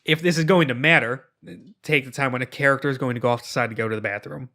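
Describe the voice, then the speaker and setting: Podcast co-host, man, easygoing, mid-pitched, casual game talk. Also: fast, pushed and bright. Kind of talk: casual tabletop game chat.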